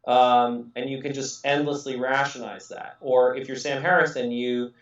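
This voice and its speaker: A man's voice: medium pitch, little pitch movement, moderate pace. A man who grew up in England, hosting a casual podcast conversation, talking in a rambling way with many fillers, restarts and frequent laughs. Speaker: podcast host. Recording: echoey room, distant mic, dull audio.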